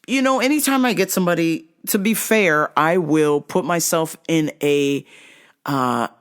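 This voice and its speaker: A podcast speaker telling a casual story with lively energy and plenty of swearing. The voice sits at a middle pitch and keeps jumping into quick impressions of the other people in the story. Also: smooth. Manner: animated, profane, acts out the people in the story.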